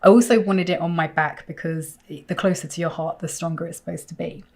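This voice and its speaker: A woman vlogging, telling a personal story to camera with emphatic, animated delivery and sudden leaps in pitch. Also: a little fast.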